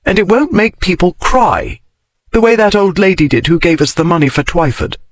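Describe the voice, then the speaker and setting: A man's voice: sits high, expressive, moderate pace, pitched above the performer's own voice. A man reading a storybook voices a proud, earnest well-born boy with an upper-class way of speaking.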